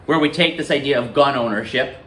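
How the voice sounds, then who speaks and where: A man's voice: mid-range voice, fairly quick, a little hiss or hum. A male teacher reading a novel aloud in a classroom and quizzing his students. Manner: lively, questioning students.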